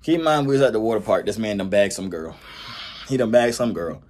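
A man's voice: on the low side, lively intonation, a little fast, a little mellow. A young man hosting a casual vlog on a phone camera, teasing the people around him and laughing often. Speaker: vlogger host.

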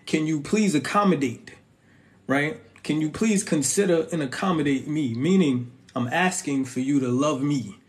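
A man's voice: on the high side, normal speed. A young man giving casual relationship advice straight to his viewers, emphatic and full of slang asides.

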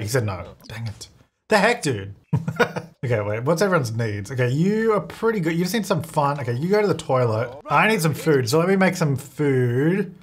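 A man's voice: a little high, slight background noise. A young man giving casual commentary while playing a life-sim game, chatty and reacting aloud with frequent laughs.

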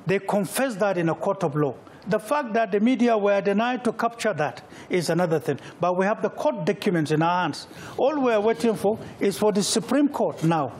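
A man's voice: high-pitched, darkish tone, slight background noise. A middle-aged Nigerian man answering interview questions, emphatic and repeating phrases for weight. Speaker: political candidate, guest.

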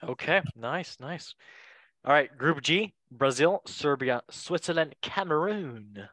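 A young man hosting a casual football podcast, playful and quick to laugh, with goofy asides. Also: on the high side, animated, pushed and bright, no room sound. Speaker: podcast host.

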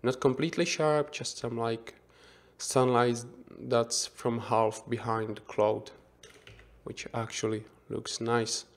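Slow-talking man walking through a software tutorial. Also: mid-range voice, flat delivery. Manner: thinks aloud, with restarts and self-corrections. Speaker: 3D visualization instructor.

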